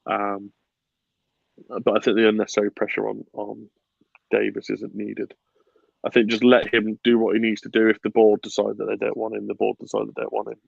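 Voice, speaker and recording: A man hosting a casual football podcast, animated and swearing freely, with bursts of laughter. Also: on the low side, brisk, vocal fry, husky, dry recording, muffled recording. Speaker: podcast host.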